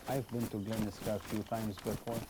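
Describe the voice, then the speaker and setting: A man's voice: level tone, brisk, heavy background noise, natural voice. A man playing a weary survivor muttering to himself. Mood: grim. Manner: quiet, low-key inner musing. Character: weary male survivor musing alone. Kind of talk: game role-play narration.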